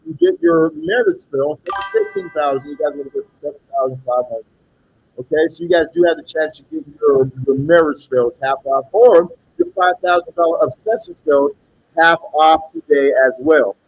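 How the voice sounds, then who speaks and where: A man reading tarot and pitching paid rituals in a salesy way, often repeating "okay" and "you guys.". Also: expressive, moderate pace, dull audio, faint music behind. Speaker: tarot reader and spell seller.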